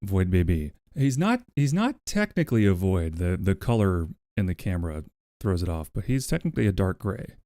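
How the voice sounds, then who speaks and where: A man's voice: deep voice, very animated, moderate pace, dark tone, no echo, studio quality. A man casually chatting with his stream audience, rambling and wry, swearing freely and talking to his pet. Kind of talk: casual livestream chat with a co-working audience.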